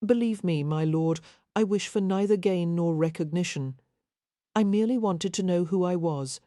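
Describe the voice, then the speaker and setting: A man's voice: sits high, moderate pace, warm tone, dry recording, studio quality, lightly acted. A woman reading the part of an easygoing young man who speaks casually with a wry touch. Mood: earnest.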